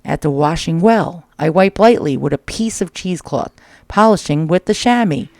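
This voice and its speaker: This vlog host, a New Yorker with a high-ish voice and vocal fry, is animated and keeps a moderate pace as he reads old magazine ads with crude asides. The sound is dry, made in a small home where a dryer taps away.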